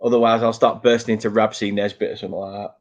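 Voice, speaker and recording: A man's voice: fairly low pitch, level tone, fast. Man, Northern English accent, football prediction host, jokey banter, laughs often. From Northern England. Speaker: show host. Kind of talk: casual football prediction chat.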